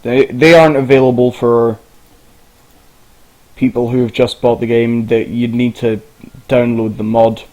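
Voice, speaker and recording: A man talks through a game tutorial in a loose, rambling way. He wanders off track and swears now and then. His pitch sits in an ordinary middle range. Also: level tone, unhurried, pauses often, a little mellow, poor audio. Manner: rambling, informal, swears casually. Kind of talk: casual screen-recorded game tutorial.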